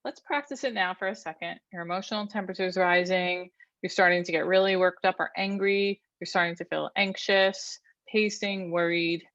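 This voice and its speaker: A woman therapist leading an online workshop, calmly guiding a breathing exercise and teaching, counting slowly and giving instructions. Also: on the low side, dry recording, lo-fi sound. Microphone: online video call.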